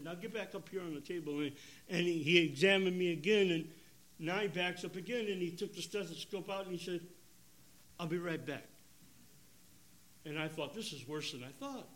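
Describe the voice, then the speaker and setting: An older man delivers a sermon testimony. He swings between loud, emotional bursts and hushed, quiet lines, in a slightly high voice. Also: a little fast. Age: 70s. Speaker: preacher.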